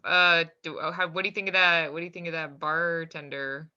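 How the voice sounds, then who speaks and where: Bright, wry player on muffled audio. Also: mid-range voice, a little fast, clear, resonant tone. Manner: wry, deadpan questions. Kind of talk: casual tabletop play. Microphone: video call.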